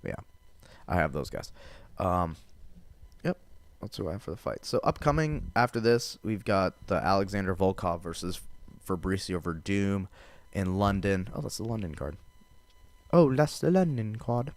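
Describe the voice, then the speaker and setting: A man with a low voice hosts a casual fight-talk podcast. He rambles in a loose, profane way, full of fillers and restarts. The sound is dry and close, with no room around it. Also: expressive, moderate pace, no echo. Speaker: MMA podcast host.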